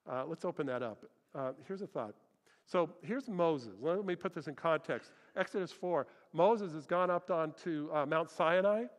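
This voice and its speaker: A man preaching a sermon as pastor, telling stories in an animated way and acting out the people he quotes. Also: fairly high pitch. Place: church hall. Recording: long hall reverb.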